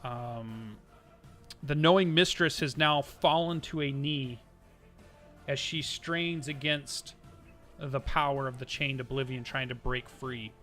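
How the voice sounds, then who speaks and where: Bright-toned man running the game. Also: mid-range voice, slow pace, soft background music. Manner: descriptive, calmly narrating scenes. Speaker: dungeon master.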